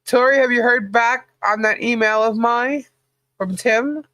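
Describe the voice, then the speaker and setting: A woman's voice: fairly high pitch, unhurried, fairly bright tone, no echo. A woman co-hosting a casual livestream podcast, chatty, laughing often and greeting viewers by name. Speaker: podcast co-host.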